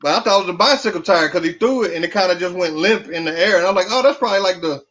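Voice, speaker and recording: A man with a notably high speaking voice, talking casually as a podcast guest. He tells his stories in a relaxed, dryly funny way with loose everyday grammar. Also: rapid-fire, lo-fi sound. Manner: laid-back storyteller, dry humor, loose grammar. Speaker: podcast guest, beard company owner. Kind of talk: casual chat.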